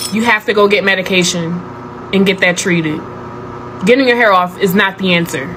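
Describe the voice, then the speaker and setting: A woman waxing technician telling a work story in an animated way, using squeaky voices for quotes. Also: noisy background. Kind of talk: casual storytelling.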